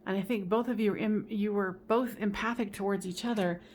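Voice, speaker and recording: Expressive casual woman reading tarot. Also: mid-range voice, a little fast, slight background noise. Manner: casual, expressive, swears and laughs at herself. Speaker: tarot reader.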